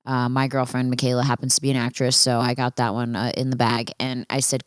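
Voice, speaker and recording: A woman's voice: very deep voice, flat delivery, fairly quick, few pauses, smooth, no room sound, studio quality. A woman hosting a casual storytelling podcast, chatty and profane, talking to listeners with friendly asides. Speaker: podcast host.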